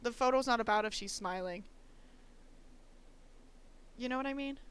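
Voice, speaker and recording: A woman's voice: a little high, normal speed, a bit bright, slight background noise. A woman streamer chatting casually and laughing a lot while she draws live. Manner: giggly, chatty, self-teasing.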